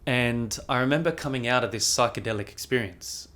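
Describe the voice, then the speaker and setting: A young adult man, a podcast guest telling a story in a casual, animated way, filling his speech with "like" and swearing casually. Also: mid-range voice, brisk.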